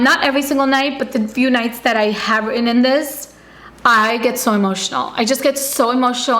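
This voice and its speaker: Young pregnant woman doing a chatty product vlog, kinda high voice, roomy echo. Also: a bit bright. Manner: chatty, many likes and ums. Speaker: vlogger. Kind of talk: casual product review chat. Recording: echoey room.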